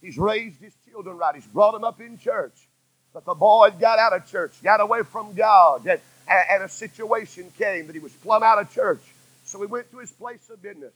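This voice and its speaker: A man, preaching a sermon that swings from loud cries to hushed tones. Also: sits high, normal speed, slightly rough, no echo, muffled recording. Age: 40s.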